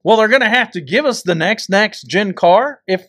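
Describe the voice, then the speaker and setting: Wisecracking man, high voice. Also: animated, moderate pace, fairly bright tone, no room sound. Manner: wisecracking, crude humor. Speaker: podcast co-host. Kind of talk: casual banter.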